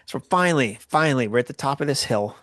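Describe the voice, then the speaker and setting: A Canadian man in his forties tells a personal story with a middle-pitched voice, animated and rambling, often correcting himself mid-sentence. The sound is close and dry, with no room around it. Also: fast, dry recording. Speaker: podcast host.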